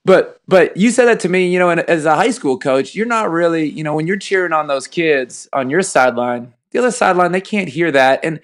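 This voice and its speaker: A man in his thirties, a podcast host and high school football coach, chatting casually and acting out dialogue as he tells stories. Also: animated, fairly quick, few pauses. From Texas. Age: 30s. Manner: storytelling, acts out dialogue, laughs while telling.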